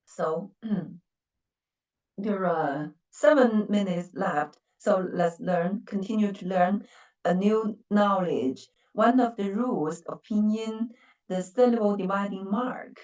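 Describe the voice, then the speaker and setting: Chinese-accented lady teacher, slow and patient, roomy dull sound from a distance. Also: medium pitch, a little mellow. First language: Mandarin. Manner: patient, repeats words, stresses syllables. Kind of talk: classroom language lesson.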